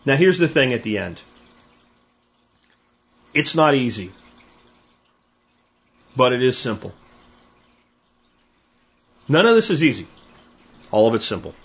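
Middle-aged guy rambling on a podcast, husky and bouncy, kinda muffled lo-fi sound. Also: medium pitch, slow pace, pauses often. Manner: animated storyteller, acts out quoted voices. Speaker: podcast host. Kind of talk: casual monologue. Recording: dull lo-fi recording.

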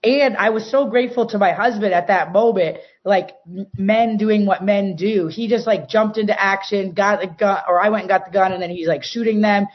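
A woman's voice: mid-range voice, normal speed. Woman telling rambling farm stories. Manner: animated, rambling anecdotes with many restarts. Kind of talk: casual storytelling. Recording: dull, muffled sound.

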